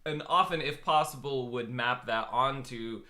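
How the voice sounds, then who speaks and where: A man, a business consultant, co-hosting a casual live stream in a relaxed way. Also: medium pitch, unhurried. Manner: relaxed, laughs, some filler restarts. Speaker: business growth consultant, host.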